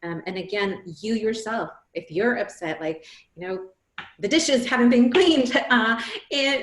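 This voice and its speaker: Woman presenter, animated Q&A delivery with acted-out examples, roomy echoey sound. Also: on the high side, unhurried. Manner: animated, acts out examples in lively voices. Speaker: webinar presenter. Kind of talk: webinar Q&A answers. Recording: roomy echo.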